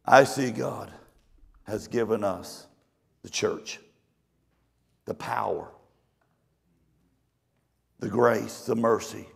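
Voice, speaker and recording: A man's voice: on the low side, very slow, gravelly, pauses often, breathy edge. A male pastor telling a folksy story in a conversational sermon. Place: church or camp meeting hall. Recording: long hall reverb.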